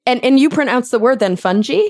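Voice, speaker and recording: A woman's voice: on the high side, expressive, fast, no echo, clean studio sound. A woman from Texas hosting a casual podcast interview, upbeat and laughing often. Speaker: podcast host.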